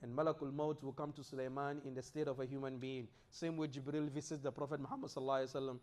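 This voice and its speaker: A man's voice: medium pitch, little pitch movement, racing, a little mellow. A man giving a sermon in a mosque, preaching with rising emphasis and reciting Arabic verses. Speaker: imam.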